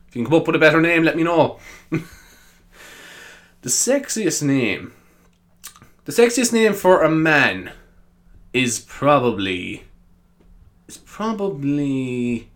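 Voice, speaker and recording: A man's voice: mid-range voice, a bit bright. A young Irish man hosting a solo podcast, chatting casually in a rambling, easily sidetracked way and giggling a lot. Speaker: podcast host.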